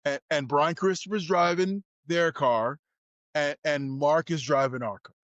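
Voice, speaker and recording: A man as interview guest, telling road stories in a lively way and acting out the voices of the people in them. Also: fairly high pitch, a little slow, dry recording, lo-fi sound. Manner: acts out voices and shouts in his stories. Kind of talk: animated storytelling.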